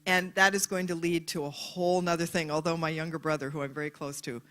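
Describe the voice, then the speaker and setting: A woman's voice: low-pitched, fast. A woman giving a motivational talk to a live audience, telling stories and acting out the voices of people in them. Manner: animated storyteller, acts out voices in quotes. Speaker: speaker.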